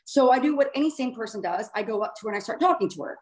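A young woman casually and animatedly recounting a vivid dream, informal and quick to swear. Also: on the high side, expressive.

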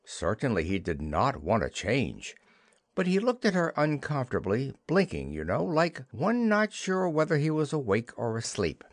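A man narrating a classic children's storybook in an expressive, unhurried way. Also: medium pitch, dry recording, studio quality. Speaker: audiobook narrator.

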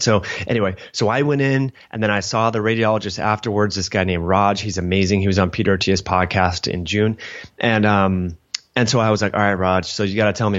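A man telling a long personal story in casual interview chat, rambling and animated, acting out what people said. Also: lowish voice, dull audio. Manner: rambling, animated, lots of "like" and acted-out quotes. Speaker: guest.

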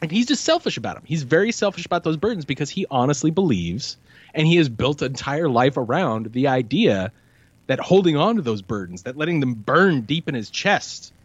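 A man guesting on a podcast, talking through a film scene in casual, animated chat and slipping into impressions of lines. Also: a little high, fairly quick, slightly rough, dry recording, highs cut off.

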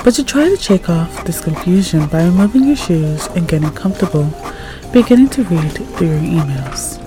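A woman reading second-person fanfiction aloud in a soft, calm voice that sometimes drops near a whisper. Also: lowish voice, normal speed, music in the background. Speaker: fanfic reader.

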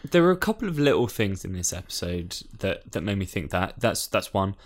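A man's voice: low voice, big pitch swings, brisk. A man co-hosting a podcast, thinking aloud about a show in a thoughtful, chatty way. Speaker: podcast co-host. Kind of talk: casual chat.

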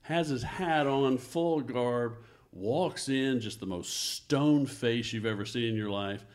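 A man's voice: mid-range voice, takes it slowly. A middle-aged man hosting a casual family podcast conversation, telling childhood stories with frequent laughter. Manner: animated storyteller, laughs often. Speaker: podcast host.

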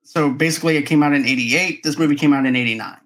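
A man guesting on a podcast, chatting about a movie and quickly recalling scenes. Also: a little high, a bit bright. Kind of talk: casual movie review chat.

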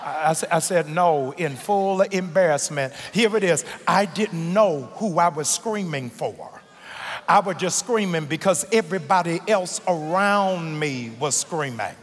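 Male pastor, high voice, preaching in a big reverberant church, music under him; teaching builds to shouting. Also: unhurried. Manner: frequent "uh" fillers and "here it is" asides. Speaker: senior pastor. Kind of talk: sermon. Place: large church sanctuary.

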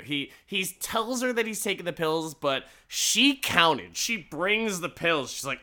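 A man casually recapping a show, animated and profane, breaking into quoted voices and laughing. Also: a little high, unhurried, hardly any pauses.

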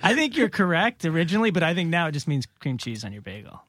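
A man's voice: a little high, very animated, fast talker, a bit bright, dry recording. A man in casual podcast chat, joking and playful.

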